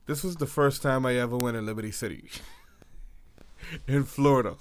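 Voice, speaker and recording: A man casually telling a story, acting out quotes and swinging between hushed and loud. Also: medium pitch, moderate pace, a little hiss or hum.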